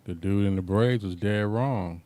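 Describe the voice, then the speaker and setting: A man's voice: on the low side, unhurried, dark tone. A man on a podcast panel, giving his view in a laid-back, matter-of-fact way. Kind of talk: casual podcast chat.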